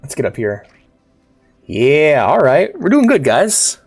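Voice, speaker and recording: A streamer with a cough, chatting casually over live gameplay and shouting at the little on-screen character. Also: medium pitch, takes it slowly, husky, soft background music. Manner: animated, yelps and shouts at the game character. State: sick, coughing. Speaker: VTuber game streamer.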